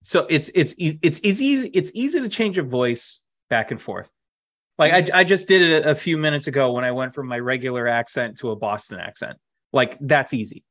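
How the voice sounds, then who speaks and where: A man's voice: medium pitch, lively intonation, fairly quick, a bit bright. A man co-hosting a casual podcast, rambling with lots of fillers and restarts. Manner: acted on stage. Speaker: podcast co-host. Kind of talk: casual chat.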